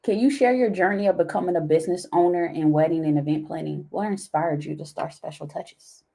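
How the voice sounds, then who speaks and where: A woman with a somewhat low voice hosts a casual podcast interview. She affirms her guest often and speaks with easy fillers and small restarts. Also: fairly quick, gravelly, mellow. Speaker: podcast host.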